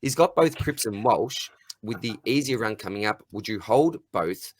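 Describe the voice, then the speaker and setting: Dry, low Australian podcast host. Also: male voice, lively intonation, normal speed, no echo. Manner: friendly and chummy, calls everyone mate and buddy. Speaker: podcast host reading listener mail. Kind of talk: casual podcast chat.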